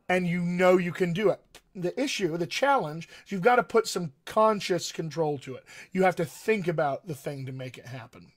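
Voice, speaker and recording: A man working as a dialect coach, answering viewer questions on a live stream in a friendly, encouraging way with frequent fillers. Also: high voice.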